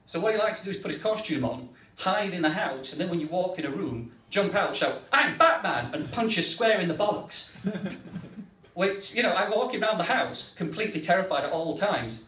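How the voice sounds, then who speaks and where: A man's voice: sits high, brisk, a little hiss or hum. An English man performing a stand-up comedy set, acting out the people in his stories. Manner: animated, acts out the characters. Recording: echoey room, mic from far off.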